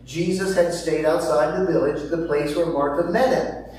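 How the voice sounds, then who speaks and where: A male pastor delivers a sermon in a fairly high voice, leaning hard on key words and then dropping to near-whispers. He poses rhetorical questions as he reads scripture. He sounds distant from the microphone, in a hall with heavy, lingering echo. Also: fairly even intonation, normal speed, slight background noise. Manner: emphatic, swings between loud stresses and hushed asides. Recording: very echoey hall from far off.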